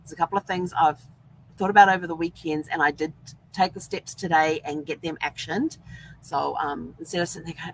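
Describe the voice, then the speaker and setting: A woman's voice: sits low, steady tone, fairly quick, slight background noise, rough recording. Chatty New Zealand woman vlogging. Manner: upbeat, rambling, acts out her own past words. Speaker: vlog host. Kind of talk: casual live-stream chat.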